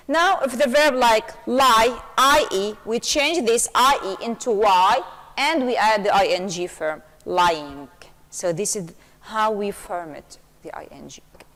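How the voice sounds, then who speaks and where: A woman's voice: mid-range voice, expressive, measured pace, a bit bright. Woman teaching in an echoey room. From Syria. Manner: patient step-by-step explaining, frequent "okay". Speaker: English teacher. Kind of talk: recorded grammar lesson. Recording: long reverberant room echo.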